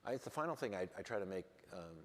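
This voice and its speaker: Low-voiced man, blunt, in a reverberant hall. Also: animated, fast. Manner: blunt, self-deprecating, wry. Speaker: lawmaker as panel guest. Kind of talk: candid panel conversation. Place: large event hall on stage.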